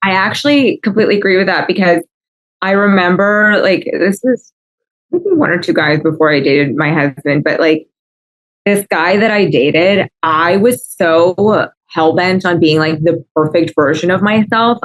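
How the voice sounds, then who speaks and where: A woman guest on a podcast, with a fairly low-pitched voice. She chats openly and casually, slipping easily into personal storytelling. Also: measured pace, rough recording. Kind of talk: candid podcast chat.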